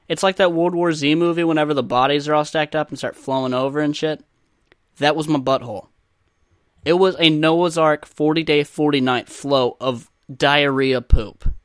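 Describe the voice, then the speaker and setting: A man's voice: on the high side, no room sound, clean studio sound. A man in his twenties hosting a podcast, telling rambling, profane, self-mocking stories in a casual way. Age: 20s. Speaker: podcast host. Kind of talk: casual crude storytelling monologue.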